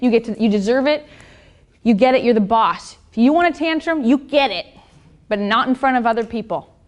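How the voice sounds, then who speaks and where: Woman, motivational seminar speaker, fairly high voice, blunt, salty language, energetic. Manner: blunt and profane, keeps asking the audience "right?". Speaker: business and fitness coach.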